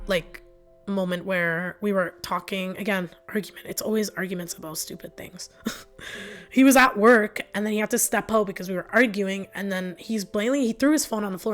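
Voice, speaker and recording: A woman's voice: mid-range voice, brisk. A woman guest speaks frankly and with animation about her own life, her voice sitting in an ordinary middle range. Her talk is loose and conversational, full of "like" and restarts. Faint music runs beneath her. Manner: frank, animated, many "like" fillers. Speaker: podcast guest. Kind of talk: candid personal storytelling.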